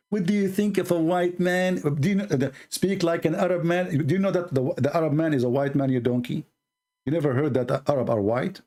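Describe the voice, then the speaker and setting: A man's voice: on the high side, dark tone. Combative man ranting at viewers. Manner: combative, insulting, sarcastic. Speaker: channel host. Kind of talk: angry rant to viewers.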